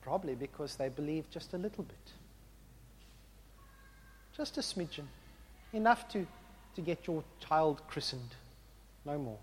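A man preaching a sermon, with an impassioned delivery that swings from quiet reflection to loud exclamation. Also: a little high, lively intonation, a little slow, long pauses, slight background noise. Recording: long hall reverb.

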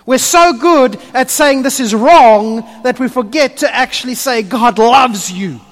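A man delivers a sermon in a high voice. He preaches with animation and softens his voice to tell a story. The sound carries the long reverb of a church hall. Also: measured pace. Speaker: pastor.

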